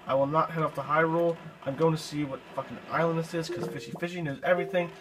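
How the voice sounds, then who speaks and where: A man's voice: fairly high pitch, fairly even intonation, quick pace, fairly bright tone, poor audio. A young man commentating a video game he is playing, frustrated and swearing often. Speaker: gameplay commentator. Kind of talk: let's play commentary. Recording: game music underneath.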